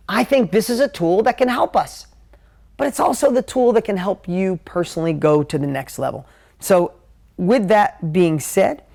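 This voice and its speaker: A man teaching a live motivational talk at a whiteboard, energetic, emotional and conversational. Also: fairly high pitch, gravelly. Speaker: motivational business coach.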